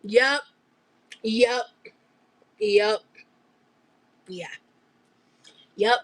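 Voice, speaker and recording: A young woman livestreaming as she opens gifts, talking in gushing, breathy exclamations full of fillers. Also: a little high, extremely slow, poor audio. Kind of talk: casual livestream chat.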